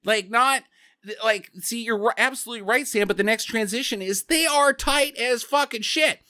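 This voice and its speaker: A man with a high, bright voice that swings all over the place, cracking sarcastic jokes about a film. He sounds close and dry, with no room sound. His delivery is animated, full of quick asides. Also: no room sound. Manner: animated, sarcastic, bursts of laughter. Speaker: podcast co-host. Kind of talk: casual movie-review banter.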